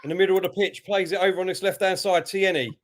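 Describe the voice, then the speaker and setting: A man's voice: high voice, steady tone, quick pace. A man co-hosting a football watch-along, calling the play and cursing in frustration. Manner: running commentary on the play, exasperated swearing. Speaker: fan channel co-host.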